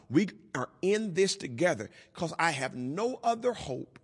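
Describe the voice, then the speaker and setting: A man preaching a Bible study sermon, swinging from loud emphatic lines to hushed, slow ones. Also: a little high, sing-song, slightly rough. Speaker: pastor. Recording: long hall reverb.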